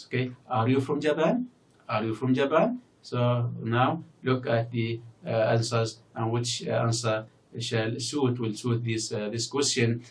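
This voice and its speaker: A man whose first language is Arabic, teaching a recorded English lesson and explaining slowly with many fillers and repeated example words. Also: mid-range voice, steady tone, distant mic. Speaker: university English lecturer. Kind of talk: recorded distance-learning lecture.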